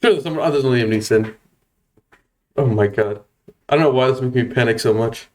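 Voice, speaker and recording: A young man in his twenties chats on his game stream at an average pitch for a man. He talks in a nervous, self-deprecating way, stammering through restarts and laughing often. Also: a little fast, a little mellow. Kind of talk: casual live-stream chat.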